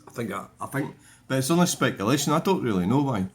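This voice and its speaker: A man talks through updates on his own channel in a loose, digressive way, tossing in dry asides as he goes. His pitch sits in an ordinary middle range. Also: animated, quick pace, a little hiss or hum. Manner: rambling, wry, digressive. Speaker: vlogger. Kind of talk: casual commentary on own channel.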